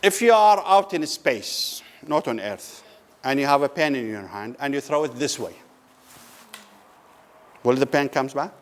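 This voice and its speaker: Man lecturing, slow questioning delivery. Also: mid-range voice, animated, a little hiss or hum. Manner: asks the class questions and answers them, repeats key words slowly. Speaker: physics lecturer. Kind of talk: classroom lecture. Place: lecture room.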